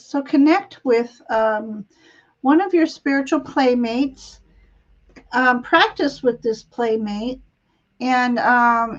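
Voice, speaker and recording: A woman gives a live tarot reading on a stream, speaking slowly in a slightly raised voice. She chats, giggles and wanders from thought to thought. The sound comes through a slightly muffled, lo-fi video call. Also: on the high side. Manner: chatty, giggly, meandering. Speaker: tarot reader and show host.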